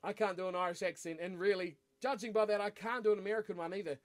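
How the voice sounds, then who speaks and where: New zealand guy w a fairly high voice rambling casually about who'll win the rugby, lots of ums. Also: steady tone, fast. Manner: chatty, rambling, with frequent fillers and restarts. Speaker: rugby channel host. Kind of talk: casual match predictions.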